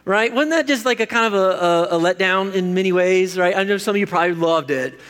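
A man preaches a sermon in a lively, joking way, breaking off and restarting sentences as he goes. His voice sits fairly high for a man. Long reverb from a church hall trails after his words. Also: brisk, clear, resonant tone. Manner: animated, jokey, self-interrupting. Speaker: pastor.

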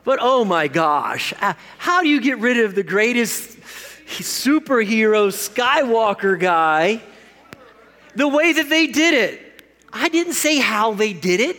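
Lively high-voiced pastor preaching in a hall. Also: male voice, takes it slowly. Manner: animated, jokey, self-interrupting. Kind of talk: sermon.

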